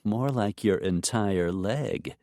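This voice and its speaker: A man's voice: lowish voice, lively intonation, measured pace, a little mellow, no room sound. A man doing a dry, patient young mother.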